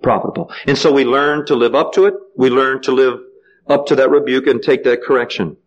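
A man preaching a sermon, asking the congregation questions and letting them call back the answers, with sudden swings in pitch and pace. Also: fairly quick, highs cut off. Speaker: pastor.

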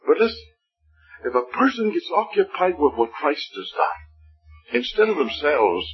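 A man preaching a gospel sermon, earnest and pleading, with a husky voice that rises and falls. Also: high-pitched, dull audio. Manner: earnest, rising and falling pleading delivery.

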